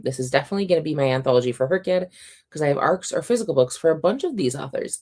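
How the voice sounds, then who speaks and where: A woman hosting a casual reading livestream at home, chatty and quick to laugh, her voice a little sore and scratchy. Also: low-pitched, animated, darkish tone. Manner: chatty, reads out chat comments, laughs often. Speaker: reading sprint livestream host.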